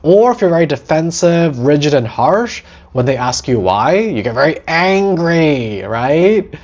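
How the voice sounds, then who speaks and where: A man hosting a teaching talk about setting boundaries, animated, acting out short quoted lines and often asking "right?". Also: fairly high pitch, unhurried, dull audio. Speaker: host.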